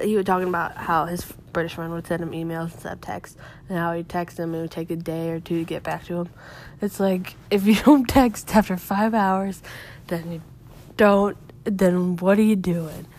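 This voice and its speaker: A woman's voice: lowish voice, darkish tone. A young adult woman casually recapping a podcast episode, rambling with lots of fillers and self-corrections. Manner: rambling, heavy use of "like" and "um", frequent self-corrections.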